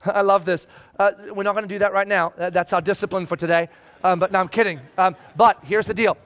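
A man's voice: high voice, steady tone, fairly quick, a bit bright. A man preaching a sermon who talks conversationally and acts out the voices of biblical figures. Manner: conversational, frequent restarts. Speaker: pastor. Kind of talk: expository sermon.

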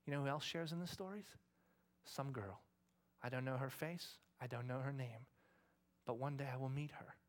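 A middle-aged man preaching a passionate sermon, often dropping into a hushed whisper. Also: mid-range voice, normal speed. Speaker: pastor.

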